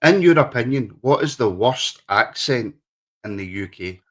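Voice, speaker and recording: A man's voice: medium pitch, expressive, unhurried. A man co-hosting a casual podcast chat, teasing his co-host in joking banter.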